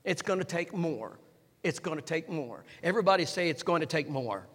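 Man preaching, high bright voice, repeats lines, rising shouts, long reverb from a church hall. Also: expressive, brisk. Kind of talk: sermon.

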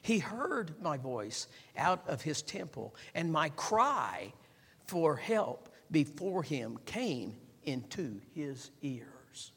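A man preaching a sermon, repeating phrases and building up to shouts, and calling on the congregation to respond. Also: on the high side, sing-song, slow, slightly rough. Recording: long hall reverb.

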